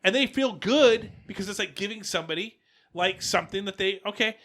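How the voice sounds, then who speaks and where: A man co-hosting a podcast, trading casual banter, excitable and laughing often as he talks over the others. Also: high voice, fairly quick. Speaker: podcast co-host.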